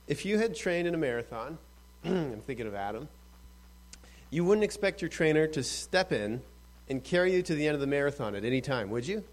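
A man giving an informal devotional talk, clearing his throat often and building to an encouraging intensity. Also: fairly high pitch, brisk, rough recording. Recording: steady mains hum under the voice.

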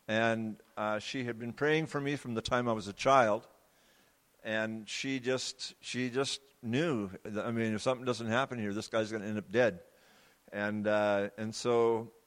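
A man preaching a sermon as he tells his own story, earnest and confessional, often pausing and repeating words. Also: fairly low pitch, long reverb tail. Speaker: preacher giving his testimony. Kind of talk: sermon testimony.

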